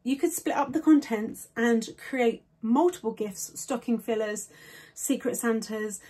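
Breathless, husky-voiced woman vlogger. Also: a little high, warm tone. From United Kingdom. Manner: bubbly, rushed and enthusiastic. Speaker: beauty vlogger. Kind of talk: chatty product review vlog.

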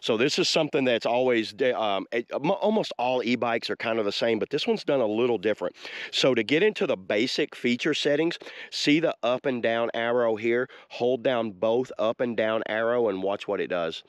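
A man's voice: mid-range voice, expressive, moderate pace, no echo, studio quality. A man giving a casual, folksy walkthrough of an e-bike outdoors by a lake, talking to viewers as y'all. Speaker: e-bike reviewer.

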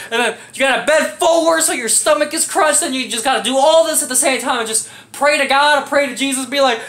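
A man's voice: very high-pitched, fairly quick, hardly any pauses. A young man telling an embarrassing story in a casual, profane, dramatic way. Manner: animated, profane, dramatic with acted-out grunts.

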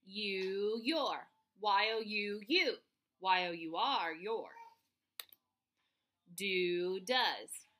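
A woman teaching first grade remotely, spelling sight words out slowly, letter by letter, to children. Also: medium pitch, bright, forceful tone. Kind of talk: remote phonics lesson for children.

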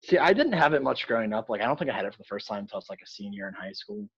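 A man's voice: lowish voice, very animated, very fast, slightly rough, dry recording, highs cut off. A young man from the American South co-hosting a podcast in casual chat, joking and irreverent, swearing freely. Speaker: podcast co-host.

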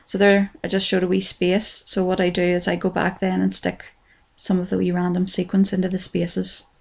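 A woman's voice: on the low side, monotone, normal speed, vocal fry, a little mellow. An Irish woman giving a chatty, self-deprecating voice-over for a crafts tutorial, often saying "wee". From Ireland.

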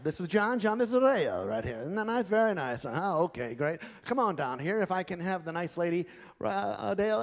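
A man's voice: high voice, long reverb tail. A male ventriloquist on a large theatre stage, doing genial live comedy patter and teasing audience volunteers.

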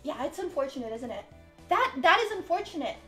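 High-pitched, foul-mouthed streaming woman. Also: very animated, fairly quick, fairly bright tone. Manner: profane, melodramatic comic complaining. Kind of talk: casual live-stream chat with chat readouts. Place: her upstairs room at home. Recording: roomy echo, faint music behind.

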